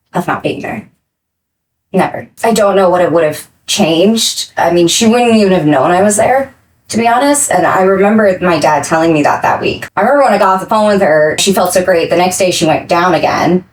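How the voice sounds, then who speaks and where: Young adult woman, podcast guest, slightly low voice, candid and earnest. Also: poor audio. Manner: earnest and reflective, quick bursts between slow phrases. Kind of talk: candid interview talk.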